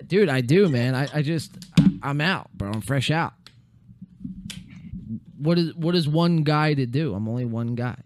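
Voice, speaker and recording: A young man hosting a casual podcast, rambling and profane with many fillers, his voice going hoarse. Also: fairly high pitch, lively intonation, unhurried. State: losing his voice. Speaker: podcast host.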